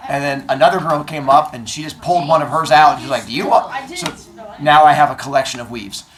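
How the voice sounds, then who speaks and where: A male teacher telling a myth to his class in a classroom, animated and jokey, acting out voices as he goes. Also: a little high, quick pace, a crowd in the background. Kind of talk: storytelling to a class.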